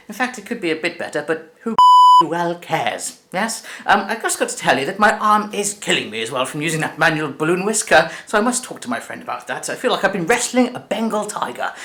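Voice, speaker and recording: Male cooking host, lively sing-song delivery, goofy rambling asides. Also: high-pitched. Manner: jokey, rambling, self-correcting asides. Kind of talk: comic in-character cooking demo.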